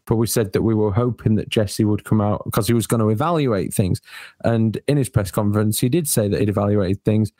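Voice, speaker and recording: A man's voice: lowish voice, brisk, warm tone, no room sound. A man hosting a casual football podcast, chatty, often restarting his sentences and firing off questions. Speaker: podcast host.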